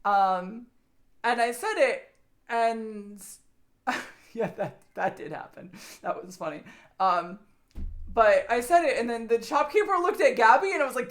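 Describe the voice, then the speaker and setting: A woman's voice: mid-range voice, lively intonation, normal speed. A young adult woman streamer chatting casually with her viewers, rambling and swearing freely.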